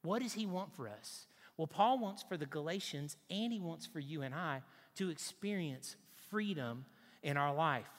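A man delivers a sermon in a somewhat high voice, emphatic and direct. He keeps asking the congregation questions and repeating his main points. His voice rings with the long reverb of a large church hall. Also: expressive, moderate pace. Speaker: preacher.

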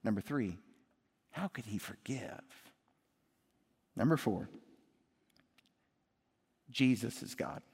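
A man's voice: medium pitch, animated, slow pace, pauses often, a little mellow, slightly rough. A man preaching a sermon from the stage of a church, emphatic, swinging his voice up and down for effect. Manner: emphatic, rising and dropping for effect. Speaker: pastor. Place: church sanctuary. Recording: long reverb of a large hall.

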